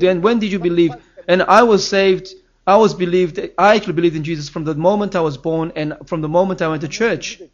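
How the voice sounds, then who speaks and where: A man's voice: high voice, brisk, muffled recording. A man preaching a sermon as pastor, earnest and emphatic, his voice rising on key phrases.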